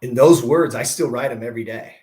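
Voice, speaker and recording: A middle-aged man hosting a podcast, telling a personal story in a lively conversational way, acting out the dialogue and often asking "right?". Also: mid-range voice, fairly quick. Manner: animated, acts out quoted dialogue, says "right?" often. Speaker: podcast host.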